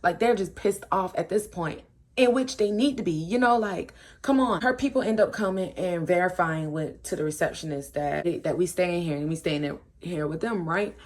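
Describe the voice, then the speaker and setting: A young woman telling a casual storytime, animated and full of slang, acting out what her friends said. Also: fairly low pitch, normal speed.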